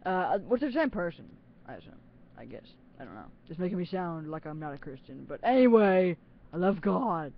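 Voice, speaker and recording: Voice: medium pitch, sing-song, a little fast, lo-fi sound, a little hiss or hum. A teenager talking casually into a webcam on their own channel, rambling and giggling with plenty of self-mocking asides. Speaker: channel host.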